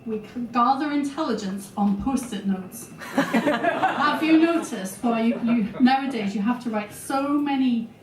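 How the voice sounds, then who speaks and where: A Scottish woman doing a self-deprecating stand-up set, halting often with fillers, in front of a live audience. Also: fairly high pitch, reverberant, distant mic, noisy background. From Scotland. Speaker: stand-up comedian. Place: small venue with live audience.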